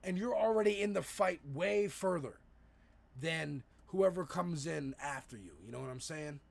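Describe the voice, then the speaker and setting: A man with a gravelly, slightly raised voice holds forth on a political talk stream. He swears casually and keeps circling back, breaking off and restarting his sentences as he goes. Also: on the high side, moderate pace. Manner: profane, rambling, frequent restarts. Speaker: livestream co-host.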